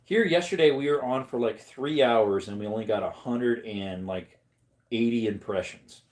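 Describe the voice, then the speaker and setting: A man chatting casually on a livestream, rambling to his viewers and breaking into high baby talk with his dog. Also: moderate pace, a little mellow.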